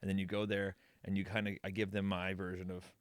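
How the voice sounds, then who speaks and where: A man with a fairly low voice tells stories in a loose podcast chat, jumping up into other people's voices as he acts them out. The sound is dry and close, with little room around it. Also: little pitch movement, fast, clean tone, no echo. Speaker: magician and comedian guest. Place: basement.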